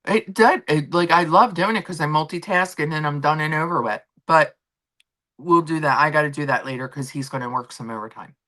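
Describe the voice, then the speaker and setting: A woman's voice: deep voice, fairly quick, a bit bright. A woman hosting a casual stream from home, chatting and telling everyday stories with acted-out quotes. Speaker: streamer host. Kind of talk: casual chat. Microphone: laptop and phone setup.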